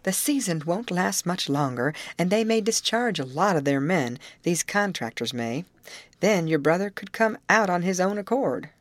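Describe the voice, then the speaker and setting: A woman reading aloud, voicing a rough but honest middle-aged male labor contractor in a blunt, folksy way. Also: fairly low pitch, animated, moderate pace, no room sound, voice pushed up, close to an everyday voice. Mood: gruff, hearty.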